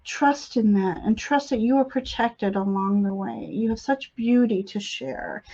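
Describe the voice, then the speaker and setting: A woman doing a live spiritual reading on a webcam, in a gentle, encouraging manner. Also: on the high side, expressive, unhurried, lo-fi sound. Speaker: psychic reader.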